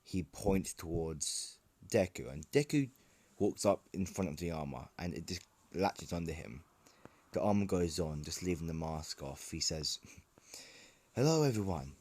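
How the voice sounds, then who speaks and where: A man's voice: deep voice, measured pace, darkish tone. A man casually improvising a fan story, rambling with many fillers and restarts, recorded on a phone.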